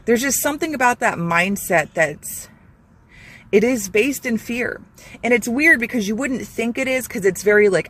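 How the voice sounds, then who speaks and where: A woman hosting a Christian channel gives an informal devotional talk to camera, earnest and rambling, packed with fillers and restarts. Her voice is a little high and fairly bright, with lively intonation and a normal speed.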